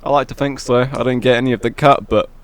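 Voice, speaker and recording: A man's voice: mid-range voice, steady tone, fast talker. A man co-hosting a casual podcast with friends, telling a story in a joking, playfully defiant way. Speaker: podcast co-host. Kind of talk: casual chat among friends.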